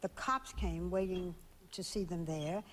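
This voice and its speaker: A woman on a TV show reading chat logs aloud and questioning someone in a calm, measured, probing way. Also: lowish voice. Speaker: TV interviewer.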